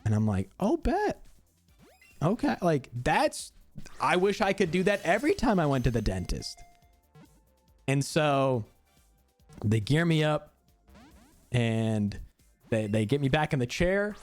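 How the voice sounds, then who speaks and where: A young man streaming, casually telling a story while gaming, animated and cursing freely with frequent laughter. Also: medium pitch, a little slow, long pauses, no echo, faint music behind.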